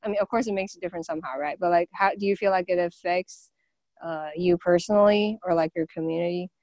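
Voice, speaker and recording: A woman's voice: lowish voice, steady tone, quick pace, a little mellow, no echo. Blunt, chatty woman host. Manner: blunt, swears freely, lots of "like". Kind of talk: casual chat.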